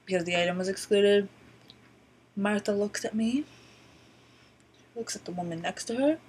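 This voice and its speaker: A woman's voice: mid-range voice, normal speed, darkish tone, a little hiss or hum. A woman vlogger telling stories casually to her laptop webcam, rambling with many "um"s and a wry, profane streak. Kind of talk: casual storytelling to camera. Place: indoors at a borrowed laptop.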